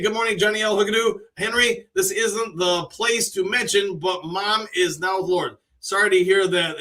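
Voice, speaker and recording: Bright-voiced man hosting a live chat, friendly and talkative, reads out viewer comments, a bit off the mic. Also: sits high, recorded from a distance. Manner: chatty, greets viewers by name, shares opinions. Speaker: live stream host.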